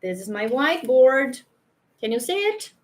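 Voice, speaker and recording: A woman's voice: high-pitched, very animated, a little hiss or hum. A woman from Brazil with a Brazilian Portuguese accent, a native Portuguese speaker, giving a chatty online English pronunciation lesson and often checking in with "okay?". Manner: chatty, slow and repetitive, frequent "okay?" checks. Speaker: English teacher. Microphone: handheld or clip microphone, sometimes moved away.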